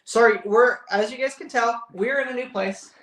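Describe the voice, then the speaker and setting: A young man chatting casually on a family live stream, easygoing and quick to laugh. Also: extremely high pitch, fairly bright tone. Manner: easygoing, laughs often, talks over partner. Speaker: vlog co-host. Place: home office room. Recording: roomy echo.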